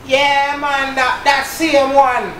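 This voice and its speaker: Woman doing a pushy Jamaican street shoe seller, high voice, heavy patois, scolding, echoey recording with faint noise. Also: flat delivery, slow pace, a bit bright, distant mic. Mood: haggling. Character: brash, scheming female downtown shoe vendor. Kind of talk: comedy skit acting.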